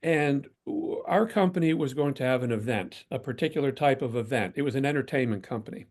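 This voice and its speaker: An older man, a guest in an interview, telling self-deprecating anecdotes in a reflective, steady way. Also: medium pitch, brisk. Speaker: guest, PR professional. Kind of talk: storytelling in interview.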